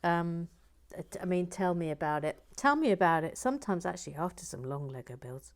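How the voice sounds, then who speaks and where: Building LEGO and reading out viewer comments, a middle-aged channel host talks wryly and fairly quickly in an expressive, lowish voice. She often drifts into quiet, half-whispered muttering.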